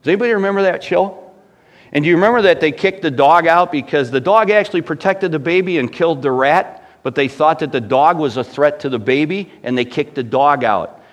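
A middle-aged male pastor preaching with fervor and a somewhat high voice. He keeps asking the congregation rhetorical questions and builds in intensity as he goes. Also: brisk. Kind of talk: sermon.

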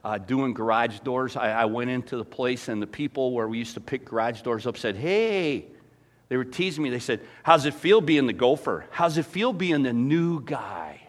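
A man preaching a sermon, telling stories with big swings from quiet, low passages to loud, excited ones. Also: normal speed. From former dairy farmer. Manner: animated storytelling, swings from soft to loud. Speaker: pastor.

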